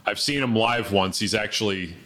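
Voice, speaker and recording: A man with a fairly low voice chats loosely on a podcast. He rambles through his thoughts with plenty of "like" and "you know", unhurried and easygoing. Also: a loud crowd. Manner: laid-back, rambling with many fillers. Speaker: podcast co-host. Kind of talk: casual chat.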